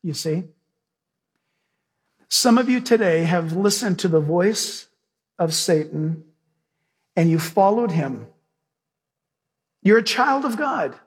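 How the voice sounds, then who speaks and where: A man's voice: high voice, animated, slow pace, long pauses, husky. A pastor preaching a sermon to his church, moving from storytelling into fervent prayer with repeated praise. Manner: preaching with rising emphasis and prayer.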